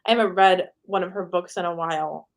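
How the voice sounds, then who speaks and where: A woman's voice: on the low side, brisk. Easygoing young woman, slangy chat. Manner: relaxed, agreeable, slangy, with many "like" fillers. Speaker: book club co-host. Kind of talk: casual book chat.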